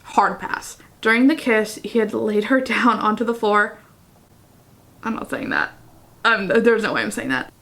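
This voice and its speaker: A woman's voice: medium pitch, lively intonation, measured pace, fairly bright tone. A woman vlogger reading fan fiction aloud in a casual way, breaking off into chatty, giggly asides. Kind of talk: casual reading vlog with commentary.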